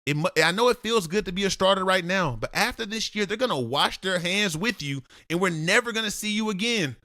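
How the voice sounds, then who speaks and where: A man's voice: high-pitched, expressive, brisk, sharp tone, no room sound, clean studio sound. A man breaking down game film as a football analyst, blunt and lecturing, talking straight at the player he critiques.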